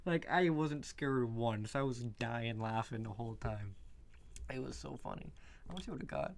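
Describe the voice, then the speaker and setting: A man's voice: medium pitch, animated, normal speed, creaky. A man streaming casually, reviewing movies in a loose, rambling way, often breaking into laughter and swearing. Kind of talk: casual live-stream chat.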